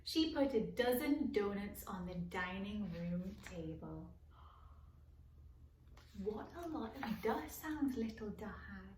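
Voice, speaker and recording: A woman teaching a children's circle-time lesson, speaking in a slow sing-song voice and stretching out letter sounds. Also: mid-range voice, lively intonation, a little mellow, slight background noise. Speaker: preschool teacher. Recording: echoey room, voice from far off.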